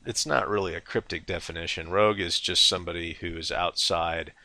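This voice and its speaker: A man co-hosting a casual film podcast, often pausing and restarting his sentences as he thinks. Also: deep voice, fairly even intonation, pushed and bright, dry recording. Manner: hesitant, restarts a lot. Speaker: podcast co-host.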